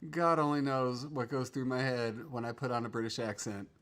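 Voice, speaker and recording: A man's voice: medium pitch, steady tone, a little fast, a bit bright. A man hosting a casual livestream from a home studio, chatting loosely, trailing off and restarting his sentences. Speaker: livestream host.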